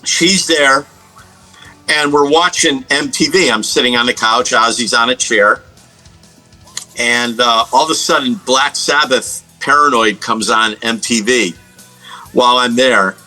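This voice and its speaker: A man's voice: mid-range voice, measured pace, bright, forceful tone, faint music behind, poor audio. A middle-aged man from the United States, a guest guitarist telling stories in a casual interview, rambling with many fillers and restarts.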